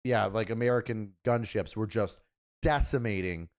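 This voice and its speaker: A man hosting a stream, chatting casually about the news and growing loud and animated as he rants, with plenty of swearing. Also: fairly low pitch, moderate pace. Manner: profane, animated when ranting, acts out quoted voices. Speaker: stream host. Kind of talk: casual talk commentary.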